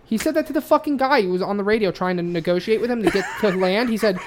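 A man's voice: high voice, quick pace, few pauses, slight background noise. A man co-hosting a casual podcast, swearing freely and telling a story with rising feeling. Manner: profane, animated storytelling. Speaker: podcast co-host.

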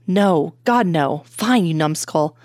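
A stiff, irritable older detective who snaps curtly, as a woman reads him in a low voice. The storybook reading sounds dry and close. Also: expressive, slow, a little mellow, no room sound. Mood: stern. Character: stern grumpy older male detective.

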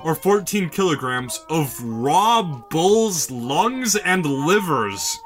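A man's voice: on the high side, sing-song, drawn-out words, fairly bright tone, faint music behind. A man hosting a casual podcast. He tells a history story, often laughs mid-sentence and swears freely.

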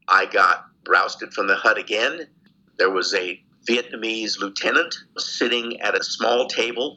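An older man with a low, husky, very bright voice tells his story in a relaxed interview. He talks in an animated way and often breaks into laughter. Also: poor audio. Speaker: guest, former prisoner of war.

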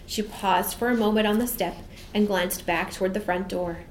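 A woman reads a classic children's story aloud, steady and expressive, in a middling voice. A faint hiss sits under the reading. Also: medium pitch, poor audio. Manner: measured and expressive. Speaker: audiobook narrator.

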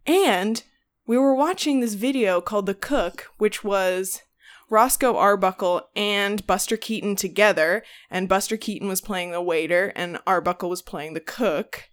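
A young woman co-hosts a casual chat and tells a long story. She rambles, restarts often and breaks into laughter, with an ordinary mid-range pitch. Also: a little slow. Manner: rambling, laughing, swearing, many ums and restarts. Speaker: podcast co-host.

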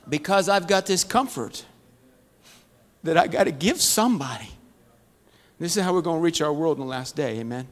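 Guy preaching a laid-back story sermon, kinda high voice, long echo like a big church. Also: expressive, moderate pace, pauses often. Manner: folksy, storytelling with humor. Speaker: Bible study teacher. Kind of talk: conversational sermon. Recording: long church-hall reverb.

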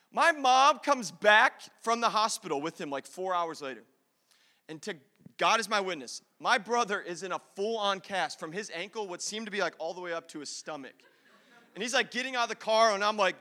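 A man preaching to a room, telling an animated personal story and acting out the voices of the people in it. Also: high voice, a little fast. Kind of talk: storytelling sermon. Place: large hall with an audience. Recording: long hall reverb.

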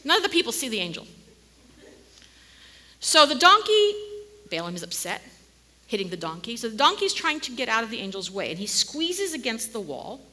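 A woman delivers a sermon with animated storytelling, her pitch leaping and sinking and sometimes dropping to a hush. Her voice is bright and breathy, with a long hall reverb behind it. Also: a little fast, pauses often. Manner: animated storytelling, dips to near-whisper. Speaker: preacher.

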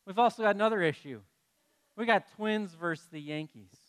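A Midwestern man preaching a sermon in a high, smooth, resonant voice. He is playful and animated, jumping to loud bursts and falling to hushed lines. His voice rings through a large church hall with a long reverb tail. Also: a little fast. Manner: playful, animated delivery with sudden loud rises and soft drops. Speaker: pastor.

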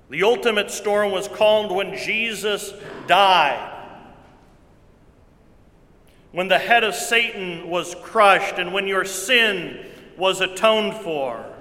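Male pastor, sermon, bright tone, slightly high voice, repeats key lines, long church reverb. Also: animated, slow, pauses often. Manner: earnest preaching with repeated phrases, swings from loud to hushed.

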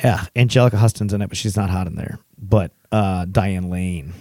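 Low-voiced man rambling on a podcast. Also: normal speed, dark tone, dry recording, studio quality. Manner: rambling, enthusiastic, crude jokes. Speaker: podcast co-host. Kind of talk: casual chat.

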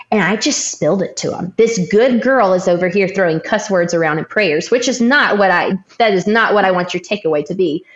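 A woman's voice: on the low side, roomy sound, lo-fi sound. A young adult woman sharing an earnest personal story in candid, emotional storytelling with frequent restarts. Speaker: guest sharing her testimony.

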